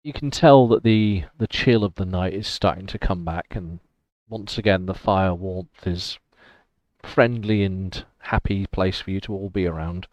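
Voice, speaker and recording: A man narrating a tabletop game as game master, describing scenes in a relaxed way with fillers. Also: low voice, unhurried, no echo. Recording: dull dry lo-fi recording.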